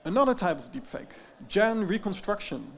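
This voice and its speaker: A man's voice: high-pitched, very animated, normal speed, vocal fry. A man, a startup founder, giving an explanatory conference presentation with casual fillers and asides.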